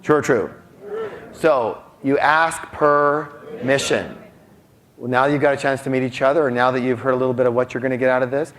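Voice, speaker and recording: Man, middle-aged, live seminar teacher, lively, questions the audience a lot. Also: medium pitch, normal speed, a little hiss or hum. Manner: animated, asks the audience constant questions. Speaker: seminar speaker.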